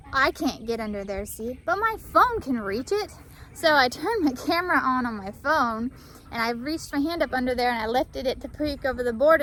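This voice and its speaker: Woman, farm vlogger, bright high voice, half-yelling into a phone camera outdoors. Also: a little hiss or hum. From Florida. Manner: half-yelling to be heard without a mic. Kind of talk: casual vlog narration. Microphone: phone camera, no external mic.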